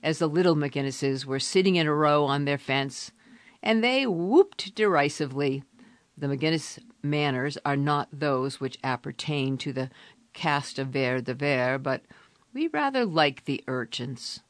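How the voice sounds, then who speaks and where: A woman narrating a story aloud in an expressive audiobook reading style. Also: sits low, unhurried, no echo.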